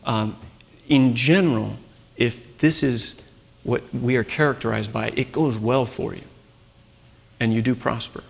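A man's voice: mid-range voice, creaky, breathy edge. A man preaching a sermon in a conversational way, acting out the voices he quotes. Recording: long reverb.

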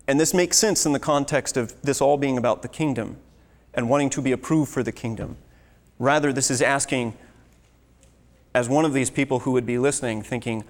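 A man preaching a sermon, earnest and teaching, with scripture read aloud. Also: mid-range voice. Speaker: pastor. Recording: long hall reverb.

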